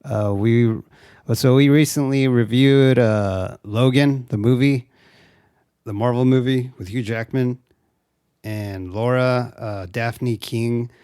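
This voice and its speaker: A young man from Mexico whose first language is Spanish, co-hosting a relaxed movie review. He jokes, swears and keeps the talk animated, with a mid-range voice. The recording is close and dry. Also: medium pitch, takes it slowly, clear, resonant tone, dry recording. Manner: joking, profane, animated. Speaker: co-host. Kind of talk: casual movie review chat.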